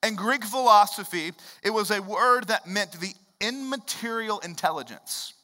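A man in his thirties preaching a sermon in a church, swinging from loud emphatic bursts to low hushed lines. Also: moderate pace, long reverb tail. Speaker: pastor. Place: church sanctuary.

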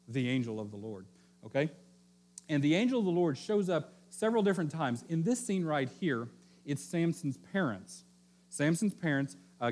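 A pastor delivers a teaching sermon, repeating key phrases and frequently checking in with his listeners. Now and then he sinks to a quiet, low voice to drive a point home.

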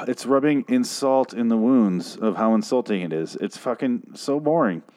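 A man's voice: mid-range voice, lively intonation, measured pace, darkish tone. A man hosting his own review podcast, ranting casually with sarcastic, exasperated swearing. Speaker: podcast host.

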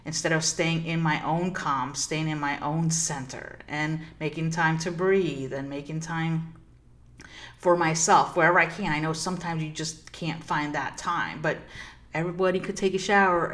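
A woman's voice: on the low side, a bit bright. A woman spiritual coach and podcast host telling a personal story in an earnest, reflective way, laughing now and then between phrases.

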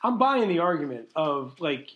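Higher-voiced man in a roomy room. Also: very animated, normal speed, fairly bright tone, a little hiss or hum. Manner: conversational, agreeable, reasons things out aloud. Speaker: podcast co-host. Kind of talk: casual book discussion. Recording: roomy echo.

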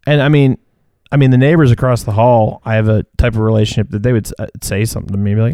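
A man in casual comedic chat, rambling through an anecdote and dropping deadpan quips. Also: fairly low pitch, fast, clean tone, no echo, clean studio sound. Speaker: co-host.

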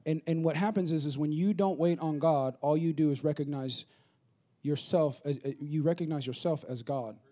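A man in his thirties, a pastor, preaching a sermon in a conversational way that builds into rapid, repetitive crescendos. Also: a little high, dark tone.

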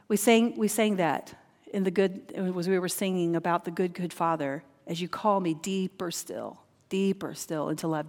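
A woman's voice: fairly low pitch, normal speed, darkish tone. A woman preaching a sermon, reading scripture aloud and then teaching from it, earnest and fond of repeating key phrases. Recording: long hall reverb.

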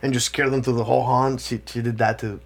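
A man with a gravelly, creaky voice co-hosts a podcast. He rambles through stories and swears freely. The talk is loose and casual. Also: medium pitch, flat delivery, fast talker, a loud crowd. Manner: rambling, laughing, swears often. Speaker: podcast co-host. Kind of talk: casual chat.

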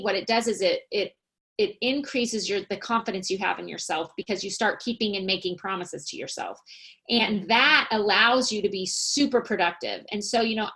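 A woman's voice: mid-range voice, pushed and bright. A woman in her forties who chats enthusiastically and laughs easily while sharing tips. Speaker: interviewer, host. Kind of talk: casual conversational chat.

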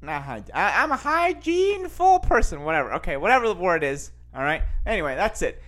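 A man's voice: high-pitched, big pitch swings, fairly quick, a bit bright. A young man hosting a podcast, telling a rambling, self-mocking story in a casual monologue full of fillers and restarts. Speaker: podcast host.

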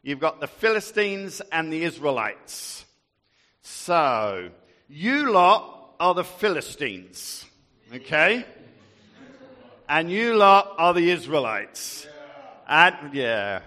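Man, jovial group storyteller, slow pace, bright voice, long hall echo. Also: fairly high pitch, big pitch swings. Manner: jovial, chatty, laughs often. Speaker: storyteller leading a group activity. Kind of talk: interactive Bible storytelling to a group. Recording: echoey hall.

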